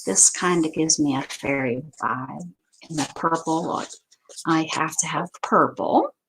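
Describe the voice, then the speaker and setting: A woman's voice: low-pitched, unhurried, a bit bright, rough recording. A woman hosting a crafting video, chatting casually to viewers and thinking aloud as she sorts paper. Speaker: craft channel host. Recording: noticeable background noise.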